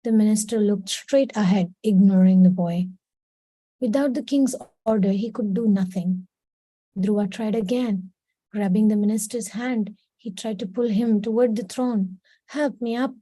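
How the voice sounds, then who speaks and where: Woman storyteller for a class reading; dark, warm tone, dry close sound. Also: mid-range voice, unhurried, no echo, rough recording. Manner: reads steadily, slips into brief quoted voices. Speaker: class reader. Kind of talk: storybook read-aloud with character voices.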